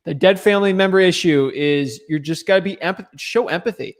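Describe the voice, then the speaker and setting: Man for a casual stream q&a, fairly high voice, easygoing and chatty. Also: a little fast. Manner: relaxed, chatty, loose filler words and restarts. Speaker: real estate wholesaler answering viewer questions. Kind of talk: casual livestream chat.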